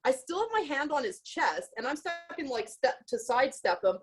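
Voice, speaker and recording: A woman co-hosting a podcast, telling a story in a casual, profane, animated way and quoting herself. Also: sits high, normal speed. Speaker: podcast co-host.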